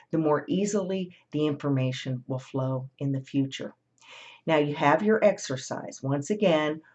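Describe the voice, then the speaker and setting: A woman with a low voice leads a gentle, reflective talk, coaxing listeners to turn inward and listen to themselves. She now and then voices the thoughts she quotes. The recording is dull and a little lo-fi. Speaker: host of a guided listening series. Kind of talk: guided self-reflection talk.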